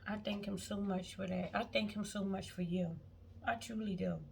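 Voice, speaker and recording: Woman, faith vlogger, gravelly voice, emphatic, stammering repeats, faint hiss behind. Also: medium pitch, fairly even intonation, moderate pace. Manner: emphatic, repeats words, prays aloud mid-talk. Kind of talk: spontaneous faith talk to viewers. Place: on vacation.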